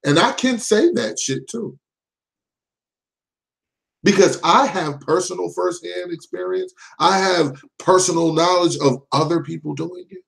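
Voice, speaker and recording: A man's voice: high-pitched, creaky, rough recording. A man hosting a live call-in show, ranting heatedly and cursing often. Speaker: show host.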